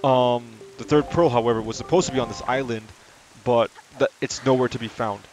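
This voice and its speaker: A man's voice: mid-range voice, steady tone, brisk, a little mellow, soft background music. A man streaming a game from home, chatting casually and reading the characters' dialogue aloud in a self-deprecating way.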